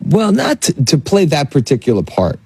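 A man, a guest actor, telling casual anecdotes in an interview, animated and laughing through the quoted bits. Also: a little high, normal speed, husky, no room sound, poor audio.

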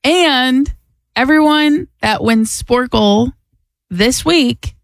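A woman co-hosting a radio show, her fairly high voice edged with vocal fry. She delivers lists and quiz clues dry and matter-of-fact, with short deadpan replies to the banter. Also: extremely slow, dry recording. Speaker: radio co-host. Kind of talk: casual on-air banter.

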